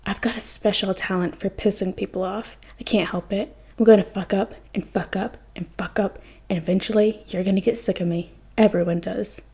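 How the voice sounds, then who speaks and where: A defensive, volatile teenage boy who curses and lashes out in short bursts. A woman reads him in a podfic, keeping a mellow, breathy voice under the anger. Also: mid-range voice, fairly even intonation, brisk, few pauses. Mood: despairing. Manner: swearing, snapping, yelling in bursts. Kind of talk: podfic reading.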